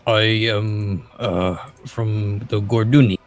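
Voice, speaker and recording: Man as a proud ogre captain, blunt simple answers, low voice, slow delivery, tabletop game figure. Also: steady tone, darkish tone.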